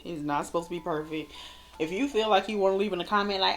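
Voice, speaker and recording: Animated young woman with drawl. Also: on the low side, fast. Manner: animated, swearing, laughing often. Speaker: vlogger telling a story while doing makeup. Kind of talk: casual storytime chat.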